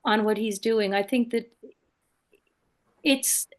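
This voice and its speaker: A woman's voice: fairly high pitch, fairly even intonation, takes it slowly. An Irish woman speaking earnestly on an online panel, often restarting and repeating words as she makes her case.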